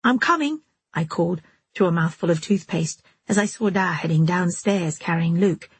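Husky low-voiced woman narrator. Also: fairly even intonation, normal speed, darkish tone. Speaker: audiobook narrator. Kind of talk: scripted first-person narration.

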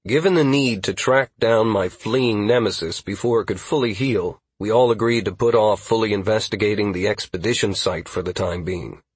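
A man narrating a first-person fantasy audiobook in a steady, even manner. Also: fairly low pitch, normal speed, few pauses, breathy edge, dry recording.

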